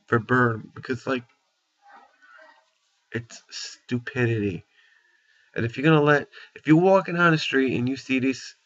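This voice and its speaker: This is an angry, profane opinion rant delivered to camera by a man whose mid-range voice has a slight brightness. He's blunt and keeps repeating himself, capping points with "okay?" and "you know", all on a dull lo-fi recording.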